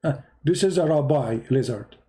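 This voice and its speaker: Man, mocking commentary, non-native English, emphatic, sarcastic, higher-pitched. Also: expressive, moderate pace, warm tone. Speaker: religious debater.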